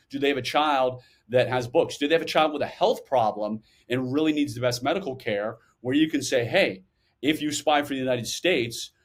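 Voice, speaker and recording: Man guest, middle-aged, storytelling, acts out quotes, medium pitch. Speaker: guest, former intelligence officer. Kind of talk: storytelling interview answers.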